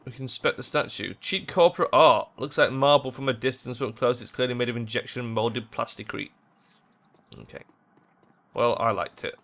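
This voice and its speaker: Gravelly-voiced young man playing a game. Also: medium pitch, sharp tone. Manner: reads game text aloud, offhand remarks. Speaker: let's play host. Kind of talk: casual game commentary.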